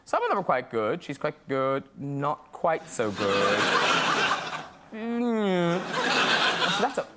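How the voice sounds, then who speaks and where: A man's voice: a little high, wildly swooping pitch, takes it slowly, heavy background noise. A man with an Irish accent hosting a TV talk show, cheeky and teasing, laughing through his chat. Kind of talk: comic studio chat. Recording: TV studio with live audience.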